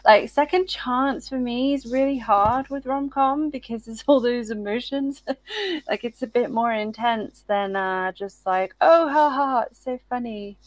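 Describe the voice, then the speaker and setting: Woman, slow unhurried talk, giggly and rambling, dry close sound. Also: a little high, dry recording. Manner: giggly, rambling, frequent laughter. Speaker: co-host of writing livestream. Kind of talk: casual chat.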